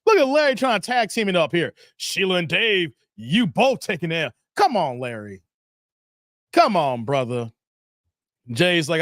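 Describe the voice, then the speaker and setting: Animated high-pitched man hosting a live stream. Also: fairly quick, no room sound, clean studio sound. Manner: animated, teasing, playfully exasperated. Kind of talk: casual live-stream chat reading comments.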